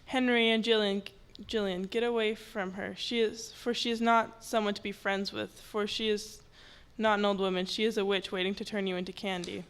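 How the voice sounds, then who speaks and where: A woman's voice: mid-range voice, flat delivery, normal speed, clean tone, natural voice. A woman reading the part of a fierce mother urgently warning her children in a live story reading. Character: fierce protective celebrity mother.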